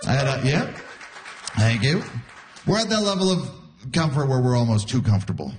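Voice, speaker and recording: A man's voice: medium pitch, sing-song, moderate pace. A man in his forties from Canada doing a stand-up comedy set, telling stories in a laid-back way and laughing at his own jokes. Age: 40s. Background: audience laughter.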